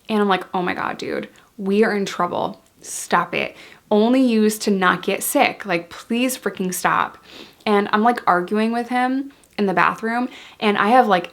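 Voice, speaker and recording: A young adult woman telling her own story in a casual, candid storytime monologue, speaking frankly, swearing freely and leaning on "like". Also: medium pitch. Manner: animated when quoting herself.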